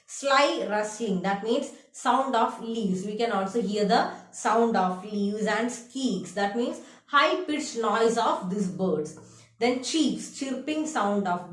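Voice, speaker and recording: A woman's voice: a little high, reverberant. Young Indian woman teaching English literature. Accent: Indian English, from Kerala. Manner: reads lines aloud, then paraphrases and defines words. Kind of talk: explaining a literature text to a class.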